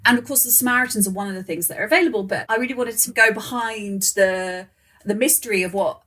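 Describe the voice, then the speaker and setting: A woman's voice: medium pitch, quick pace, bright, forceful tone. A woman from England hosting a podcast interview, encouraging her guest. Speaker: podcast host.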